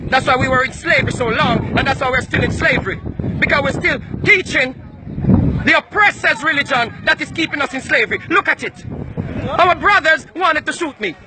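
Man, confrontational shouting, piercing high voice, outdoor street, noisy crowd. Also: fairly quick. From Jamaica.

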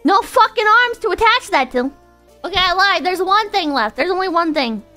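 Super high bright-voiced girl streaming, swears a lot, yells then mumbles, faint music behind. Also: normal speed. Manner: excitable and profane, swinging between loud outbursts and deflated mutters. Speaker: live streamer. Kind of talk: casual live-stream chat with viewers.

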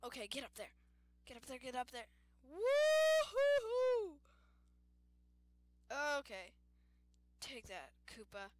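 Excitable young woman gaming commentator. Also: a little high, normal speed, long pauses, slight background noise. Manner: excitable, yelling at the game; self-mocking with frequent giggles. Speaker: gaming youtuber. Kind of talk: casual let's-play commentary.

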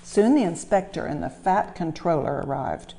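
A woman reading a children's story aloud as a museum storyteller, gentle and expressive. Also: deep voice, moderate pace, vocal fry. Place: railway museum.

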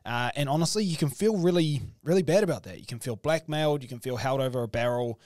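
A New man co-hosts a podcast, talking fast and cracking jokes. His voice is mid-pitched and sounds dry and close to the mic. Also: darkish tone, no room sound. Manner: quick, jokey, laughs often. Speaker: podcast co-host. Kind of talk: casual podcast chat.

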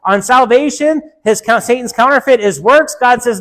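A woman's voice: a little high, normal speed. A woman preacher delivering a sermon emphatically, asking her listeners rhetorical questions and calling for an amen.

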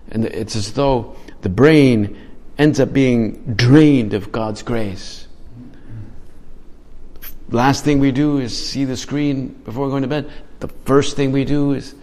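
A man's voice: mid-range voice, slow pace, darkish tone, long reverb tail. A male priest giving a conversational, reflective homily, often restarting his phrases.

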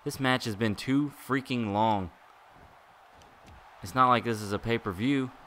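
A man giving excitable live commentary while playing a wrestling video game, groaning and exclaiming at each turn. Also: medium pitch, a little slow, a little hiss or hum. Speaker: gaming YouTuber.

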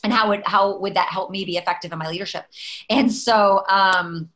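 Bright, animated woman in a casual talk. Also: medium pitch, normal speed, poor audio. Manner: animated, emphatic, chatty with many fillers. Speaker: network marketing leader.

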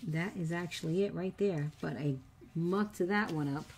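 A woman's voice: on the low side, normal speed, a little mellow, a little hiss or hum. A middle-aged woman hosting a papercraft tutorial, chatting with viewers and teasing herself about nervous mistakes. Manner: chatty, self-teasing, nervous jokes to her audience. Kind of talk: casual crafting demo, talking to viewers.

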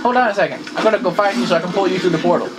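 A young man playing a video game with a friend, excitable and joking around in casual chat. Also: high-pitched, racing. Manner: excitable, jokey, breaks into silly bits. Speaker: gamer. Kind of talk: casual let's play chat. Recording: noisy home recording.

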